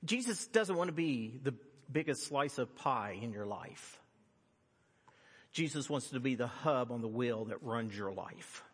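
A middle-aged man preaching a sermon, swinging from loud, high-pitched emphasis to quiet, earnest tones. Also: lively intonation, unhurried, slightly rough. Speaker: pastor. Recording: long hall reverb.

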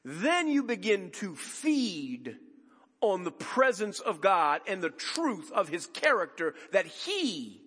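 A man preaching a sermon as pastor, emphatic and conversational with dramatic pauses, in a church sanctuary. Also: sits high, sing-song, fairly bright tone, slightly rough, in a large hall.

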